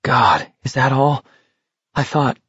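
A man's voice: medium pitch, lively intonation, slow, slightly rough, dry recording, lo-fi sound, pitched above the performer's own voice, full character voice. A man reading a frightened teenage boy on a grueling walk, his panic breaking through as he speaks. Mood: panicky. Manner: panicky, rising to shouts.

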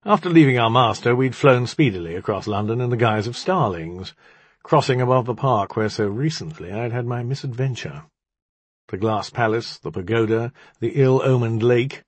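A man's voice: mid-range voice, breathy edge, dry recording, natural voice. A man reading an audiobook, narrating as a wry, boastful male demon in a dry, sardonic tone.

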